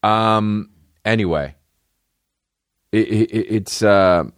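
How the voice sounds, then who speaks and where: A man in his thirties hosting a podcast from home, rambling in a casual, profane, animated way with lots of restarts. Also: on the low side, slow, clear, resonant tone, no room sound, studio quality. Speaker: podcast host. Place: at home, dogs nearby. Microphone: podcast microphone.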